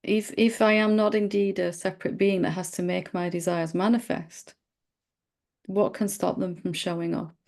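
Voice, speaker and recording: Gravelly-voiced woman spiritual teacher. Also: fairly low pitch, steady tone, moderate pace. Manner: gentle, playful, teasing. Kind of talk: satsang dialogue.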